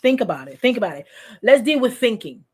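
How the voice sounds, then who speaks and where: A woman's voice: a little high, big pitch swings, a little fast, darkish tone, breathy edge. A middle-aged woman pastor preaching informally, calling on listeners by name and acting out quoted voices. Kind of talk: informal sermon to an online congregation.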